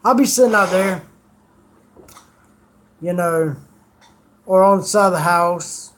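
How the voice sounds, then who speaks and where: A man's voice: high-pitched, takes it slowly, fairly bright tone. A man streamer telling rambling stories in casual chat, swearing freely.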